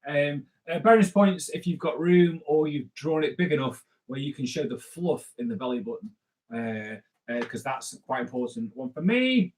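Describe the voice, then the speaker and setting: A man's voice: on the high side, lively intonation, normal speed, a little mellow. A man, a comics artist, giving a live drawing lesson in a chatty, rambling way with jokey asides.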